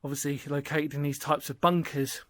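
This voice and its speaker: A man's voice: on the high side, little pitch movement, fairly quick, a bit bright. A man exploring an underground bunker alone and chatting to his channel viewers, rambling and enthusiastic. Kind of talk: casual solo exploring vlog. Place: inside a small underground brick bunker in woodland.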